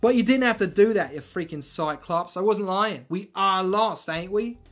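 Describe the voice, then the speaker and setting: A man's voice: high voice, normal speed, a bit bright, soft background music. A man voicing a surly, resentful male mercenary henchman with mumbled, sulky retorts.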